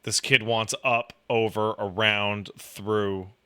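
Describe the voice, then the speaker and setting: A man in his thirties chatting casually about raising a baby, profane and animated, full of "like" and restarts. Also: lowish voice, slow, clear, resonant tone. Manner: profane, animated storytelling with lots of "like". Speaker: podcast talker, new father. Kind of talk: casual chat.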